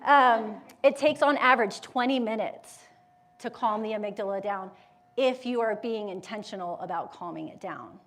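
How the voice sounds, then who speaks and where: A woman giving a live motivational talk to an audience, lively and conversational, asking the room questions and briefly acting out inner voices. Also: medium pitch. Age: adult with school-age children. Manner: animated, acts out inner voices with quick quotes. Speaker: motivational speaker and yoga educator.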